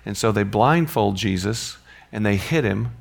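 A man's voice: on the low side, expressive, unhurried, gravelly. A man teaching a Bible lesson in a conversational way, restarting phrases and asking rhetorical questions.

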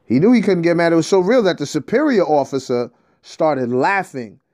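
A man in a casual monologue, telling a story in an animated, streetwise way, with profanity and slang. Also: on the high side, moderate pace.

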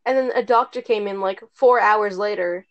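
Speaking at normal speed in a medium-pitched voice, a teen girl casually chats with friends, telling a rambling story full of "like" and the occasional curse. The recording is dull and lo-fi.

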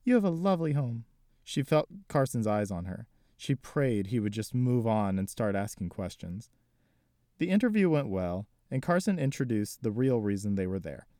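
A man narrating an audiobook in an even, steady reading. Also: lowish voice, moderate pace, dry recording, clean studio sound.

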